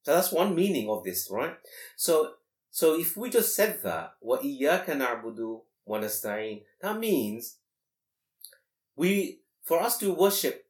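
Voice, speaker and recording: A man teaching a class on Quranic grammar, explaining with many rhetorical questions and quick Arabic recitation. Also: on the high side, very animated, a little mellow. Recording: echoey room.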